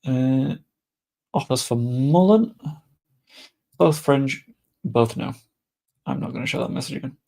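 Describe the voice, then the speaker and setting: A man's voice: mid-range voice, measured pace, gravelly, pauses often, warm tone. A young man giving casual, chatty commentary while playing a game, muttering to himself and swearing offhand. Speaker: gaming streamer.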